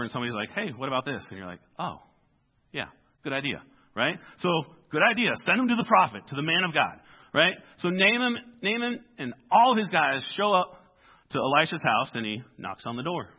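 A man preaching a conversational sermon, telling a scripture story in a lively, animated way and acting out the characters in casual voices. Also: mid-range voice. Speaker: pastor. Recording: dull lo-fi sermon recording.

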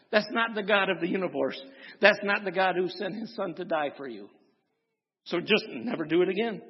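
A man's voice: on the high side, slightly rough. A man from Wisconsin, a pastor giving a sermon, folksy and humorous, telling stories and preaching with force. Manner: folksy, humorous storytelling, preaching with rising intensity. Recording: dull lo-fi recording with long hall reverb.

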